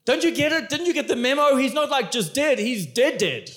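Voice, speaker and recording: A man's voice: very high-pitched, animated, fairly quick, a bit bright, pitched above the performer's own voice. A man voicing Martha, an anxious, exasperated woman who complains and pleads. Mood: incredulous.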